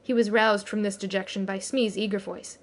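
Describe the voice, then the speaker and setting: A woman narrating a classic children's story as an audiobook reader, with expressive storytelling. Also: medium pitch, brisk. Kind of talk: scripted narration.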